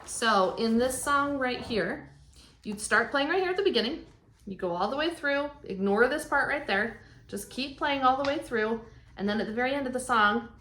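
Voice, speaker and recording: A woman's voice: on the high side, animated, normal speed, fairly bright tone. A woman teaching a strings class, explaining music terms patiently, step by step, and counting beats aloud. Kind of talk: instructional explanation. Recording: echoey room, faint background noise.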